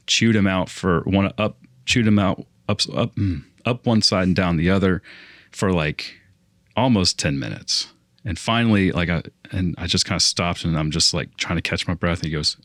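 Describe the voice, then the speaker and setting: Young man, deep voice, dry sound, casual podcast talk, wandering storyteller who keeps restarting. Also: fairly bright tone, no echo. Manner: rambling storyteller with frequent restarts. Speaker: podcast co-host.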